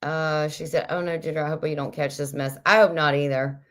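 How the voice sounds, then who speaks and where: A middle-aged woman hosts a casual livestream chat, reading viewer comments aloud in a chatty, kooky manner and laughing often. Her voice is low-pitched, steady in tone and brisk, and she sounds a little stuffy and headachy.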